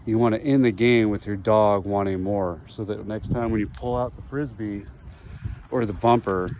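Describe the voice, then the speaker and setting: A man from Oregon filming himself training his dog outdoors on a handheld phone, talking quietly to the camera and calling out high and excited to the dog. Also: normal speed, a little hiss or hum. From Oregon, USA. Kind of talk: casual vlog narration. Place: outdoors, playing fetch with a dog.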